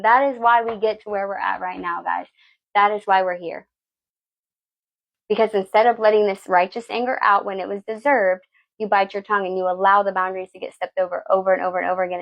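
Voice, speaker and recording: A woman's voice: medium pitch, fairly even intonation, fairly quick, gravelly, highs cut off. A woman giving a tarot reading, blunt and preachy, swearing freely and asking "okay?" again and again. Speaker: tarot reader. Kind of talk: live tarot reading talk.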